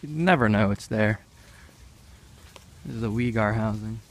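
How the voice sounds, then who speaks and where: A man's voice: lowish voice, measured pace, slight background noise. An American man in his young adult years, giving a rambling, jokey commentary as he walks through an outdoor park. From United States. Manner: rambling, offhand, jokey asides. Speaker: travel vlogger. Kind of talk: casual walking commentary. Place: outdoor park with animal pens.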